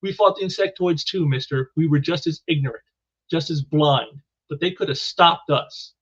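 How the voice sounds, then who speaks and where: A man's voice: on the high side, moderate pace, fairly bright tone, breathy edge. A man reading aloud the lines of a blunt small-town farmer, on a dull lo-fi recording. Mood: scolding.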